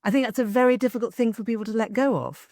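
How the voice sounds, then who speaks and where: Woman host asking gentle questions. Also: fairly high pitch, very fast, no echo, clean studio sound. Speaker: podcast host. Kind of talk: interview.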